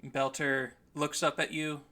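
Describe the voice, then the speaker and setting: A man's voice: on the high side, level tone, measured pace, pushed and bright. A man narrating a tabletop game as game master, describing scenes at length.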